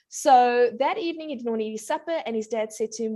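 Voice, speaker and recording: Her voice is high and quick, with few pauses, as this woman in her thirties, a parenting coach, swaps family stories on a talk show. She laughs a lot, imitates her children, and keeps the conversation warm and easygoing.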